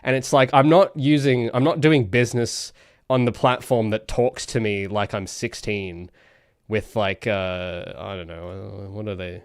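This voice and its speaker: A man's voice: on the low side, steady tone, a little slow, clear, resonant tone, dry recording. Rambling man on a dry mic. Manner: rambling, self-interrupting, ranty. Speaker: solo game developer streaming. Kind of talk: casual livestream chat.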